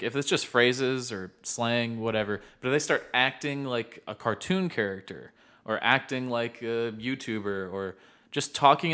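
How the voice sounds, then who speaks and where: In a relaxed podcast conversation, this male co-host talks in a loose, rambling way about working with autistic clients, filling his speech with filler words and laughter. His voice sits on the low side, with a fairly bright, clean tone.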